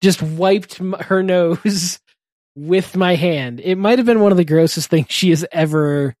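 A man and parent chatting casually, telling funny anecdotes in halting bursts, laughing often and breaking off mid-sentence. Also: sits high, a little mellow, no room sound, clean studio sound. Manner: chuckling, halting, self-interrupting anecdotes. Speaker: podcast co-host, parent. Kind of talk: casual chat, storytelling.

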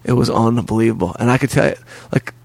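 A man's voice: medium pitch, quick pace, creaky, a little mellow, no room sound. A man in casual podcast chat, a comedian swearing and telling a story in a streetwise way. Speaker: comedian guest.

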